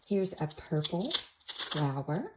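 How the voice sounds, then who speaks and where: A woman gently showing an activity book to toddlers, naming pictures in a soft, sing-song way. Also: sits low, big pitch swings, slow, noisy background. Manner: soft, sing-song, with playful animal sounds. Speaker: toddler class teacher. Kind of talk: slow, gentle show-and-tell for toddlers.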